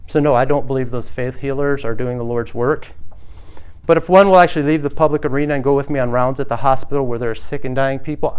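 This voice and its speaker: Male pastor, mid-pitched, earnest sermon delivery with rhetorical questions. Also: clean tone.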